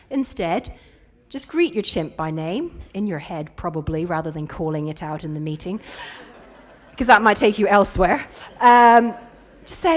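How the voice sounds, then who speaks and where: Lively, playful woman. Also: mid-range voice, normal speed. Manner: playful storytelling with acted-out quotes. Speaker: keynote speaker. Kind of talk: conference keynote.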